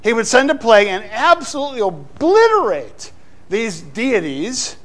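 A man's voice: high-pitched, sing-song, moderate pace, a bit bright. A middle-aged man, a pastor, preaching a sermon with playful asides to the congregation.

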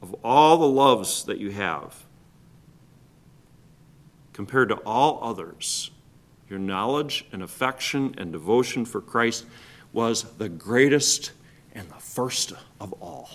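Guy pastor preaching, punchy then going quiet, keeps asking the room questions. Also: lowish voice, animated, slow pace, pauses often. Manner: emphatic, swings between loud stresses and soft drops; asks the congregation rhetorical questions. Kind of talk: sermon.

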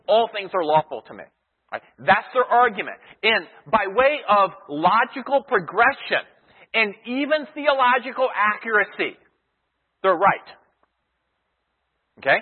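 Guy giving a bible teaching sermon, kinda high husky voice, keeps throwing questions at the crowd and repeating lines. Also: expressive, normal speed. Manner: asks the audience rhetorical questions and repeats key phrases. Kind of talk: expository sermon. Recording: thin phone-like sound with long hall reverb.

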